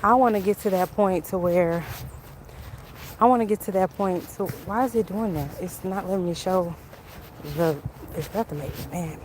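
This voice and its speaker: A woman chatting on a casual walk-and-talk livestream outdoors, talking in an animated way and answering viewers' comments. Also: lowish voice, moderate pace, slight background noise. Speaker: livestream vlogger.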